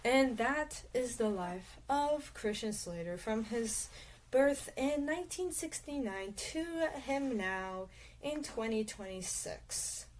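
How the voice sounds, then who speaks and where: A woman's voice: on the high side, expressive, slow. A woman hosting her own channel, talking in a casual, rambling way with many fillers and restarts. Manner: giggles often. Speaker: channel host.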